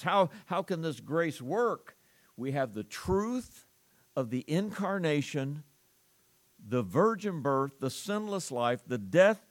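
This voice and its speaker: A man preaching a sermon, slowing down and swelling in volume on key words. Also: mid-range voice, dry recording. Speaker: pastor.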